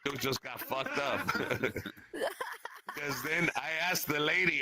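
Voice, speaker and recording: A man's voice: mid-range voice, a little slow, noisy background. A man doing a stand-up comedy set, giggling and laughing through his punchlines.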